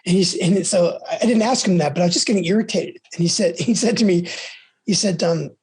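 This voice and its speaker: A middle-aged man shares his own story as a guest on a podcast. His voice is very husky and breathy. He speaks with emphasis and keeps repeating and restarting his phrases. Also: high-pitched, brisk, darkish tone. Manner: emphatic, with frequent restarts and repetitions. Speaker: podcast guest, abuse-survivor advocate. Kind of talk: candid conversational storytelling.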